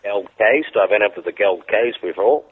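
A man in his forties from the United States talks in a radio studio. He is a comedian guest, joking with a deadpan delivery and wandering asides. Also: on the low side, fairly quick, husky, narrow, tinny audio. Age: 40s. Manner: deadpan, rambling jokey asides.

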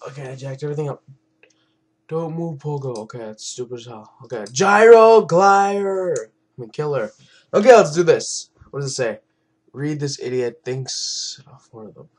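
A man's voice: fairly high pitch, lively intonation, moderate pace. Rambling young man mumbling through gameplay. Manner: rambling, trailing off into mumbles, frequent swearing. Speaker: gaming channel host. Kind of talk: casual gameplay commentary.

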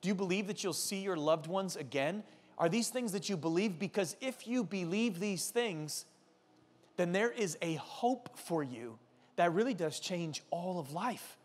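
A man in his thirties preaching a sermon as a pastor, urging his listeners with animated, earnest exhortation. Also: high voice, measured pace. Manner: animated storytelling, urgent exhortation.

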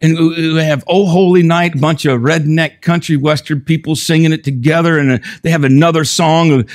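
A man in his sixties preaching a sermon as a pastor, telling stories in an animated way and breaking into shouts. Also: a little high. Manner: animated storytelling, bursts into shouts.

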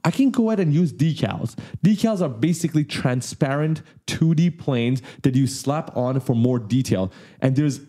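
A man hosting a casual 3D software tutorial who explains things simply and with enthusiasm. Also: medium pitch, measured pace, slightly rough. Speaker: tutorial host.

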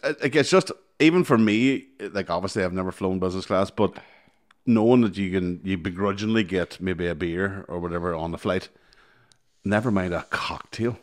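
Male podcast co-host, lower voice, deadpan quips. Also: normal speed. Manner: dry teasing interjections. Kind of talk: casual chat.

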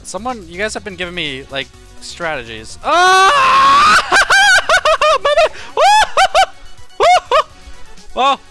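A man narrates his own gameplay, cursing freely. His voice swings hugely in pitch, and he breaks into screams at the hard parts. Game music plays steadily behind him. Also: normal speed, hardly any pauses. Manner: profane, excitable, screams when in danger. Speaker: gaming video host. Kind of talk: playing a game and commenting live.

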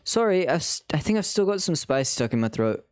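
A man voicing a solemn old British mentor ghost, talking slowly and grandly with a put-on British accent that drifts toward Scottish. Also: a little high, sing-song, clear, resonant tone, dry recording. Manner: slow, grand, broken by coughing fits.

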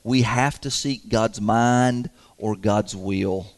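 A man's voice: lowish voice, steady tone, slow pace. A man preaching a sermon to his congregation in a folksy, emphatic way, chuckling often. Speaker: pastor. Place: church sanctuary.

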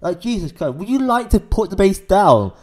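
A man's voice: sits high, very animated, normal speed, a little mellow. A man hosting a reaction video, rambling and blunt with plenty of swearing. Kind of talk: casual reaction commentary.

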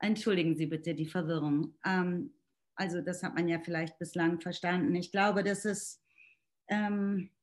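A woman's voice: fairly low pitch, steady tone, normal speed. Hesitant woman. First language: German. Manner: hesitant, searching for words, many restarts. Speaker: guest reader in a book talk. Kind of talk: online book discussion.

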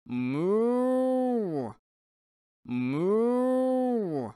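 An older woman voicing a gentle cow and bull for children with slow, drawn-out moos. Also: fairly high pitch, very animated, smooth, dry recording, exaggerated voice. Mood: placid.

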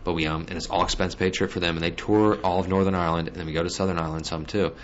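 A man being interviewed as a guest, talking in a quick, joking, restless way. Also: low voice, steady tone. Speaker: guest musician and guitar teacher. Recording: dull lo-fi sound with faint hiss.

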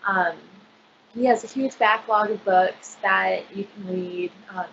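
A woman's voice: mid-range voice, unhurried, creaky, fairly bright tone, dull audio, slight background noise. A woman librarian chatting casually on a video call, gushing about picture books with lots of fillers. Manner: bubbly, gushing, filler-heavy.

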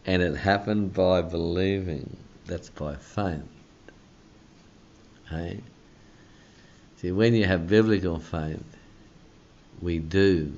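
A male pastor preaches in a very low voice. He talks slowly and with emphasis, tagging his points with a questioning "hey?". The recording sounds dull and lo-fi. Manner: slow and emphatic, often adding a questioning "hey?". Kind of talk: sermon.

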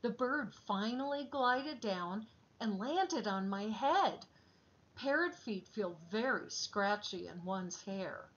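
Slow expressive woman reading a story. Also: medium pitch, dull audio.

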